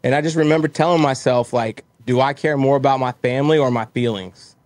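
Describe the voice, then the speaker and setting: Brief: man, mid pitch, earnest motivational interview guest, dry close sound. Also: a little fast, darkish tone, dry recording. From Texas. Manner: earnest, motivational, acts out his own inner voice. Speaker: guest, roofing business owner. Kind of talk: casual interview storytelling.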